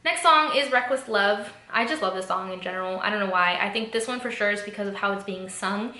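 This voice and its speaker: A woman's voice: medium pitch, fairly quick, sharp tone. A young woman vlogging to camera about songs she loves, earnest and emotional, talking in a loose way with many fillers. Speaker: YouTube vlogger. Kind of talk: casual talk to camera. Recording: echoey room, faint background noise.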